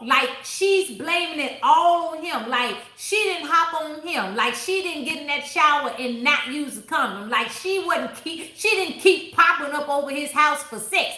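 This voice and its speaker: A woman with a high, bright voice chats through her book club review, blunt and salty, cutting off to answer viewers as they come in. She sounds like she is in an echoey room. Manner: blunt, profane and animated, answering viewers mid-sentence. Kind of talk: casual book review chat.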